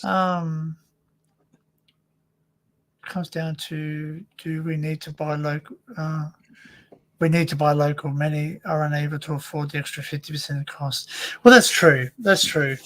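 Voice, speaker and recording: Australian man, casual chat, rambling, lots of fillers, fairly high voice. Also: steady tone, measured pace, fairly bright tone. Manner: chatty, rambling storyteller with many fillers. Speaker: co-host.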